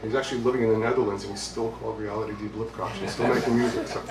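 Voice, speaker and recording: A man's voice: on the low side, steady tone, racing. A middle-aged male author from Brooklyn reads from his book at a bookstore. He breaks off into hesitant, chatty asides. The sound is roomy and distant, with faint room noise. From Brooklyn, New York. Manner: conversational, hesitant with fillers, amused. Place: bookstore, indoors, with audience. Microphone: distant mic.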